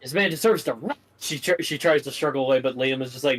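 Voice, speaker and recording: A man's voice: mid-range voice, fast talker, hardly any pauses, slightly rough, poor audio. A man as dungeon master, narrating a tabletop game in a loose, filler-heavy way.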